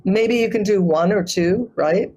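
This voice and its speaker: A woman who teaches chanting, explaining pronunciation and demonstrating sounds slowly in a conversation over a video call. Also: medium pitch, mellow, poor audio. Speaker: guest, sacred chant artist and yoga teacher.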